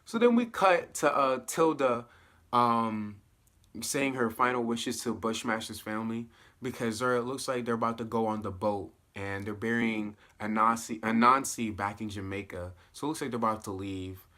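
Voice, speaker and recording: Male reviewer, casual spoiler recap, animated delivery with laughing asides. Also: medium pitch, normal speed. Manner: animated, laughing asides, acts out quoted lines. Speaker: TV show reviewer.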